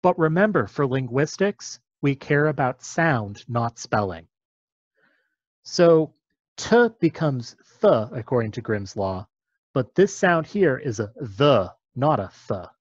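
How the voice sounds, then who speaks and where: A man's voice: mid-range voice, very animated, measured pace, dry recording. Man, lecturer, methodical, patient, dry close sound, slightly dull audio. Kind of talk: explanatory lecture.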